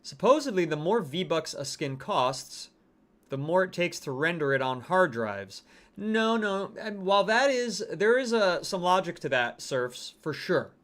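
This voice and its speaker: A man's voice: on the high side, lively intonation, measured pace, fairly bright tone. A man hosting a game livestream, chatting casually and reading out viewer comments. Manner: chatty, reacting to game skins and chat. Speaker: livestream host.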